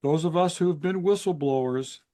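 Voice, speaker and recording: An older man, a guest author in an interview, explaining in an earnest, measured way with pauses. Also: a little high, warm tone. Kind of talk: interview conversation.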